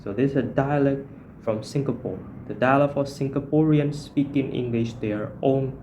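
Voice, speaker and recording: Man, student presenter, middle pitch, noisy recording. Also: warm tone, lo-fi sound. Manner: hesitant, many fillers, reads examples slowly. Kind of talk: class presentation. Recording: noisy background.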